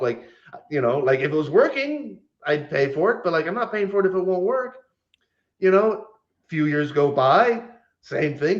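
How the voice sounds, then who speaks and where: A man on a podcast talking in a casual, blunt way, swearing freely and acting out what other people said. His voice sits a little high for a man. The recording is dull and lo-fi. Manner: blunt, profane storytelling with acted-out quotes. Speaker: podcast co-host. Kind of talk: casual chat.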